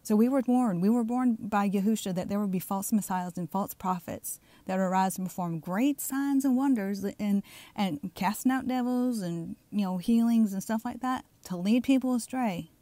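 A fired-up middle-aged woman with a Southern drawl delivers an insistent online sermon, leaning on her points and checking in with the listener again and again. Her voice is mellow and low in brightness, recorded close and dry with almost no room sound. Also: moderate pace, no echo. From Southern United States. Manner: emphatic, keeps asking "okay?". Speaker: online preacher. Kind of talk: fiery religious commentary video.

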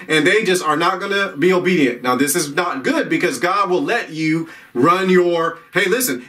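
High, bright-voiced rambling preacher man. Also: far from the mic. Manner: rambling, repeats himself, restarts often. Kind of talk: informal sermon teaching.

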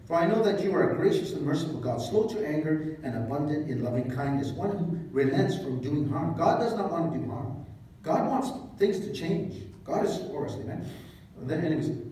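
A man preaching a sermon as pastor, retelling scripture in a casual, joking way with animated asides. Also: on the high side, brisk. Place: church hall. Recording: echoey hall, mic at a distance.

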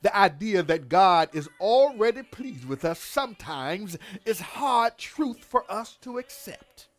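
A man's voice: high-pitched, sing-song, measured pace, soft background music. A man pastor delivering a devotional sermon, repeating words and calling out hallelujahs in a preacher's cadence.

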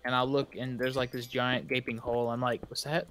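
A man's voice: mid-range voice, completely flat delivery, brisk, fairly bright tone. A man chatting playfully during a game, given to dramatic outbursts. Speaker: gamer. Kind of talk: casual gameplay chat.

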